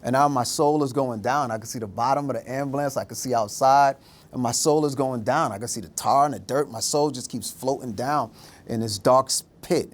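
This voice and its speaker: A middle-aged man giving a storytelling talk, acting out the voices of the people in his story. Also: medium pitch. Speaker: speaker.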